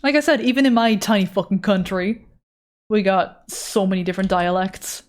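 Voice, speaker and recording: A young woman with a Dutch accent chats loosely while drawing on a livestream. She rambles from thought to thought at an ordinary mid pitch, dropping in casual swears along the way. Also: normal speed. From Netherlands. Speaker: art streamer.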